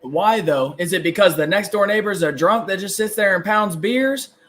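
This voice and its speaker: A man's voice: high voice, normal speed, a bit bright. A man hosting a live stream, arguing in a chatty way and filling his talk with "like" and "right?". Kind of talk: casual heated debate.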